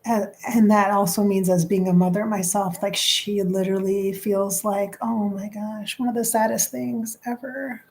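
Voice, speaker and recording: A woman's voice: mid-range voice, fairly even intonation, moderate pace, few pauses, darkish tone. A woman psychic medium on a live stream, relaying messages emotionally and dropping into whispered asides. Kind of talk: live-stream channeling session.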